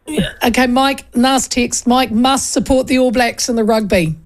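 A woman's voice: fairly high pitch, moderate pace. A woman hosting a radio talk show, chatting casually and laughing often.

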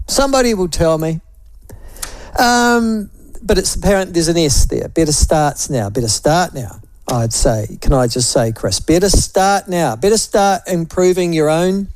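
A man's voice: fairly high pitch, darkish tone, dry recording. A man with a New Zealand accent hosting talk radio, musing aloud in a wry, opinionated way and toying with phrases.

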